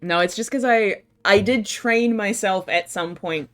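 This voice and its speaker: A woman's voice: medium pitch, a little slow, a bit bright. A young woman from New Zealand with a New Zealand accent that slips toward American R's, chatting and giggling with her chat as she streams a game. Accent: New Zealand, with some American-sounding R's.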